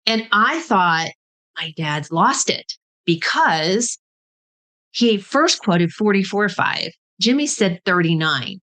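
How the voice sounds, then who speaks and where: A woman's voice: mid-range voice, very animated, takes it slowly, a bit bright. A woman hosting a business podcast, explaining ideas in a casual teaching talk and often checking in with "right?" and "okay?". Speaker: podcast host.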